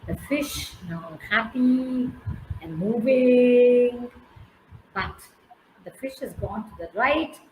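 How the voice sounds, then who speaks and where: Slowly and at a fairly high pitch, a woman with an Indian English accent tells her class a story, coaxing responses and naming listeners as she praises them. It's a rough recording in an echoey room with slight background noise.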